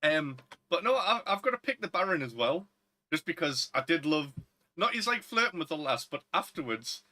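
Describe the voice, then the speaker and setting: Guy, bright forceful voice, chatty film podcast, laughs a lot. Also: on the high side, big pitch swings, moderate pace. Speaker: podcast co-host. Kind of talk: casual chat.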